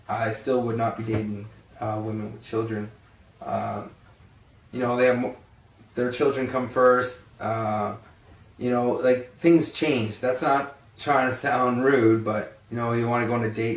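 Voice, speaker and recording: Casual vlogger, young man, tired and blunt, swears, rambles, set back from the mic in a roomy space. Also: mid-range voice. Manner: blunt, swears freely, rambling with many fillers. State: tired and yawning. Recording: echoey room, distant from the mic.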